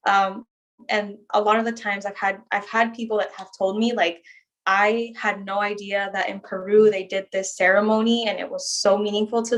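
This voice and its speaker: Woman, panelist, conversational, anecdotal, mid pitch. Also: a bit bright. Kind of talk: panel discussion.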